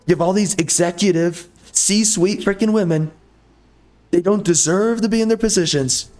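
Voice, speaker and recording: Male gameplay host, bitter sarcastic ranter, slightly high-pitched, faint game music under him. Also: normal speed, a little mellow. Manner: angry, sarcastic, mocking. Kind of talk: ranting commentary over gameplay.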